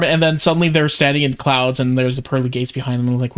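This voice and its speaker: A man's voice: medium pitch, fairly even intonation, very fast, hardly any pauses, smooth. A man streaming his reactions to a video, chatting casually and joking often.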